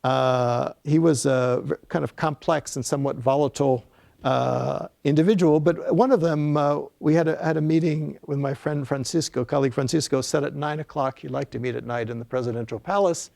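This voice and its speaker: A man's voice: a little high, a little fast, vocal fry, a little mellow, no room sound. An older man giving a talk as an author, telling an anecdote in a storytelling lecture style with frequent fillers and restarts.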